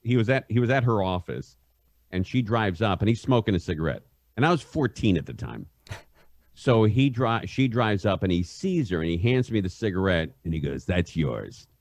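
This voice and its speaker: A middle-aged man, a radio host and podcast guest, telling rambling stories in a halting way and laughing through them. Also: lowish voice, expressive, a little mellow, no room sound. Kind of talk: casual anecdote telling.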